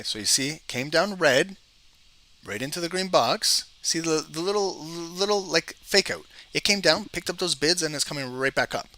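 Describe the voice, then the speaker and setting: A man's voice: fairly high pitch, pushed and bright. A man hosting a live trading stream, thinking aloud as he reads charts and lists price levels. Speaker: trading channel host. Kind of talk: live market commentary.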